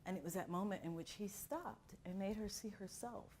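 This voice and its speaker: In her acting class, a middle-aged Miami woman with a mid-range voice tells stories at a moderate pace, slipping into the voices of the people she quotes. The talk is animated and expressive, with slight background noise.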